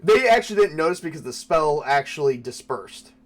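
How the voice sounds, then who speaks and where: A man's voice: on the high side, very animated, fairly quick. A man running a tabletop game as game master, thinking aloud with many fillers and restarts.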